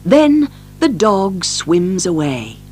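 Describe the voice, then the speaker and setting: A woman narrates a children's tale at a very slow, careful pace, her pitch rising and falling widely as she reads. Soft music plays faintly behind her. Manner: very slow, lively, expressive reading. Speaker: audiobook narrator. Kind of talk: slow storybook reading for learners.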